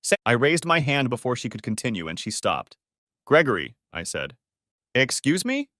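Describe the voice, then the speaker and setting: A man reading a revenge story aloud, dramatic and bitter, his pitch swinging widely. He sits close to the mic in a dry, dead room. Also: sing-song, fairly quick, no room sound. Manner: dramatic, bitter, voices the shouted lines. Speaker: story narrator. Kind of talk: first-person revenge story narration.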